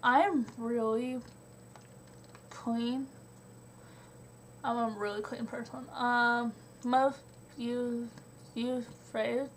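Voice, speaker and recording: A woman's voice: on the high side, little pitch movement, drawn-out words, long pauses, slight background noise. A young woman answering a list of questions in a home vlog, hesitant with lots of ums and little laughs. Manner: hesitant, many ums, giggly. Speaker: vlogger. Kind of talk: question-and-answer tag video.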